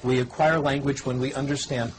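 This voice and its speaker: A man's voice: medium pitch, little pitch movement, fairly quick, background noise. An older man lecturing on language learning to a TV audience, conversational and wry, demonstrating as a teacher. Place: TV studio or lecture room.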